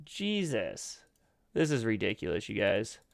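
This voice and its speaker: A man's voice: medium pitch, normal speed. A man casually talking through trading charts on a live stream, rambling and loose with the occasional curse word, his voice scratchy and cracking. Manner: rambling, loose and profane, many fillers. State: throat scratchy, clearing it often.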